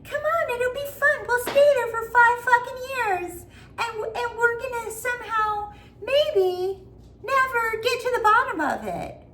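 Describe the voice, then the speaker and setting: A woman voicing a creepy, big-headed little boy who beckons in a high, coaxing singsong. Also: lively intonation, measured pace, bright, forceful tone, echoey room, slight background noise, heavily acted.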